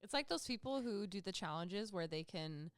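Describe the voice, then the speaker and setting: A woman's voice: medium pitch, expressive, moderate pace, clean tone, no room sound, clean studio sound. A woman co-hosting a podcast in casual chat, wry and chatty, laughing often. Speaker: podcast co-host.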